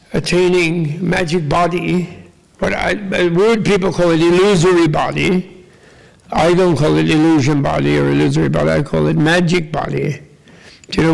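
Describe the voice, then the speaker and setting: A man's voice: fairly high pitch, gravelly, low-quality recording. An older man giving a casual, joking Buddhist teaching to a live audience, rambling with asides to the listeners.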